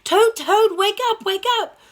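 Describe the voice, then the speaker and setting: A woman's voice: a little high, very animated, brisk. A woman voicing an eager male frog from a children's storybook, squealing and urgent, repeating himself. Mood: excited.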